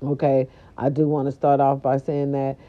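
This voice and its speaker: A woman vlogger telling a casual story straight to her viewers in a sassy, animated way. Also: very deep voice, normal speed. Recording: dull lo-fi recording.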